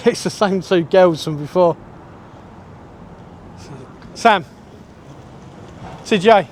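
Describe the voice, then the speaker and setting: A man's voice: high voice, very slow, darkish tone, slight background noise. A man with a London accent, chatting casually and cheekily while filming on a city street.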